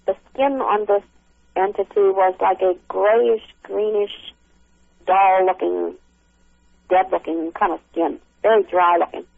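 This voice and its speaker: Gravelly woman on a tinny phone line. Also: medium pitch, steady tone, no echo. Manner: halting, with many restarts and fillers. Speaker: caller recounting an encounter. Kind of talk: emotional first-person account.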